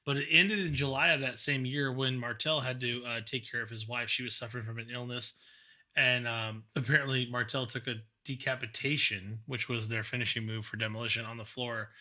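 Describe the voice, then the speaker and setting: A man co-hosting a casual podcast chat. His voice is very bright and forward, and he talks loosely, restarting phrases and adding asides. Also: mid-range voice, steady tone. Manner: rambling, restarts and quick asides. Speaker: podcast co-host.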